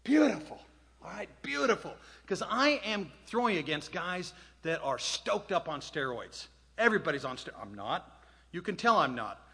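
A man's voice: high voice, sing-song, moderate pace, gravelly, bright, forceful tone, husky. A man in his sixties telling a self-deprecating story to a live audience, quizzing the crowd as he goes. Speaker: speaker. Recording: long hall reverb.

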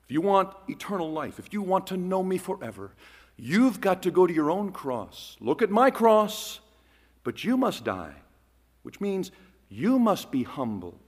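Animated pastor preaching in a reverberant hall. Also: male voice, high voice, a little slow. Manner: emphatic, swinging from loud declarations to hushed phrases. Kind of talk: sermon.

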